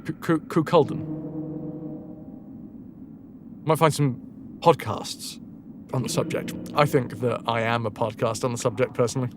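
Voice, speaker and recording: A man's voice: medium pitch, moderate pace, background noise. A man streaming a game and casually retelling a legend, rambling, swearing and correcting himself as he goes. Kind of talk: casual storytelling while gaming.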